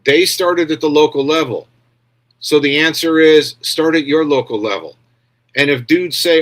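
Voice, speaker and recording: A man's voice: fairly high pitch, normal speed. A man hosting a casual livestream, talking bluntly and rambling, often checking with his viewers for agreement and reading out their comments. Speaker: livestream host.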